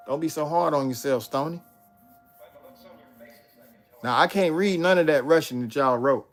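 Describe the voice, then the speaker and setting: This livestream host speaks in an animated voice on the high side, unhurried and with frequent pauses, while soft music plays in the background. In a laid-back, chatty manner, he reads viewers' comments aloud and answers them.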